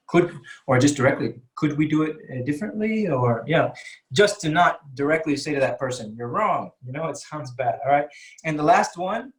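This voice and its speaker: A man teaching a live webinar lesson, talking conversationally with many fillers and putting questions to his audience. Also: a little high. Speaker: English teacher.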